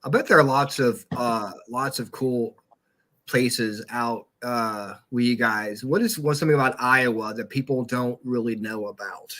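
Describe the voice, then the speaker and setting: A man's voice: mid-range voice, a little slow, fairly bright tone. A man co-hosting a podcast, joking around and asking the guests questions. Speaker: podcast co-host. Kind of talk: casual chat.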